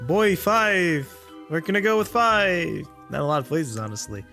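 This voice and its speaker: Playful young man, lively pitch. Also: normal speed, creaky, soft background music. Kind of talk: casual gaming chat.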